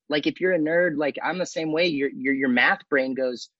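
A man's voice: fairly high pitch, a little fast, fairly bright tone, breathy edge, no room sound. A man in a casual podcast chat, a comedian who tells stories animatedly and acts out little voices. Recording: dull dry lo-fi mic.

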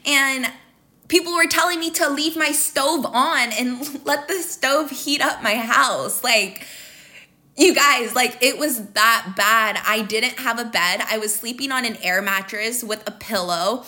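Bright-voiced emotional woman podcaster. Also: on the high side, a little slow. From American Midwest. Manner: emotional, candid, addresses listeners as "you guys". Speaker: podcast host. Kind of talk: confessional podcast monologue.

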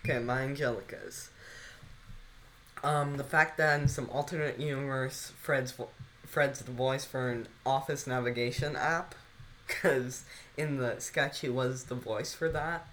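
A woman's voice: rumbling low, fairly even intonation, a little slow, a little hiss or hum. A young woman co-hosting a podcast, chatting casually and giggling as she reads out a list of favorite moments. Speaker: podcast co-host. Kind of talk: casual chat.

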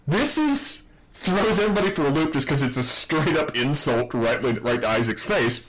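A man's voice: fairly high pitch, normal speed, low-quality recording. Upbeat man recapping a TV episode. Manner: enthusiastic, animated recapping. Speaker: podcast co-host. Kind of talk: casual review chat, reading quotes aloud.

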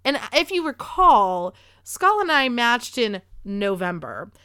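A woman's voice: a little high, sing-song, slow, pushed and bright, smooth, no room sound, studio quality. A woman in her thirties hosting a podcast, telling a rambling casual story with lots of "like" and free swearing. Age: 30s. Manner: chatty, rambling, swears freely, heavy use of "like". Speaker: podcast host.

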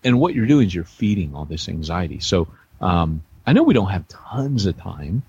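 A man's voice: sits low, big pitch swings, normal speed, darkish tone, husky, highs cut off. A middle-aged man co-hosting a podcast, telling rambling, self-deprecating stories with many restarts in a casual chat. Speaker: podcast co-host, church planter.

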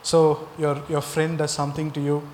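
A man's voice: on the high side, monotone, normal speed, darkish tone, a little hiss or hum. Preaching man in a reverberant hall. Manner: rhetorical questions to the congregation, emphatic. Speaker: pastor. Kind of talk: sermon.

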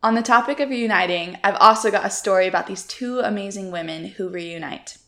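A young adult woman co-hosting a casual chat, reacting warmly and then telling her own story. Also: medium pitch, a little fast, creaky. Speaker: podcast co-host.

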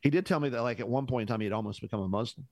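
A man's voice: medium pitch, very fast, no echo. A man, a pastor, telling a story casually in a podcast conversation and acting out what people said. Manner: animated storyteller who acts out the dialogue; casual, uses "man" often, restarts sentences.

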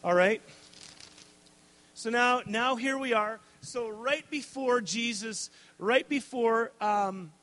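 A man's voice: very high voice, slow, fairly bright tone. A man preaching a casual, conversational sermon, checking in with "okay?" and adding jokey asides. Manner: conversational, tags lines with "okay?" and "right?".

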